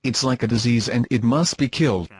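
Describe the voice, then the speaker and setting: Husky, dry-voiced scornful man. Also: medium pitch, fairly quick, no room sound. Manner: scornful, dismissive, formal wording. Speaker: commentator being rebutted. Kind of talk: scripted insult commentary.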